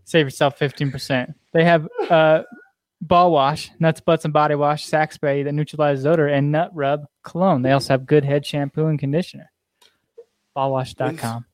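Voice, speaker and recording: A man's voice: a little high, fairly even intonation, moderate pace, no room sound. A young man co-hosting a podcast, easygoing and laughing often, with a casual ad read. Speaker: podcast co-host. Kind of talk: casual chat with ad reads.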